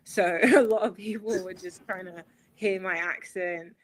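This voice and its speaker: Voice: mid-range voice, fairly even intonation, a little slow, a bit bright, rough recording. Young guest with a British-American accent. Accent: British, mixed with some American. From London. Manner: chatty, lots of fillers and light laughs. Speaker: podcast guest. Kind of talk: casual interview chat.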